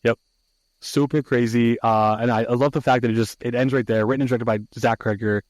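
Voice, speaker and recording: A man's voice: medium pitch, fairly even intonation, brisk, dry recording. A man hosting a podcast who casually recaps a movie plot, swearing freely and using lots of fillers. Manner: casual, profane, many fillers. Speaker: podcast host.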